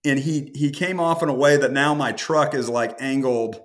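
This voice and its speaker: A man's voice: mid-range voice, fairly even intonation, normal speed, fairly bright tone. A man from the American Midwest hosting a podcast, telling a long anecdote in a rambling, self-interrupting, casual way. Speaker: podcast host. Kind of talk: casual conversational storytelling.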